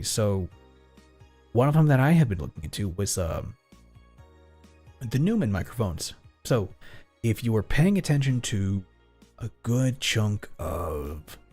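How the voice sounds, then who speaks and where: A man talks casually on his stream, rambling and swearing freely as he goes. His voice is a little husky and sits mid-range in pitch. Faint music plays under him. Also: mellow. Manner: rambling, profane, acts out both sides of imagined exchanges.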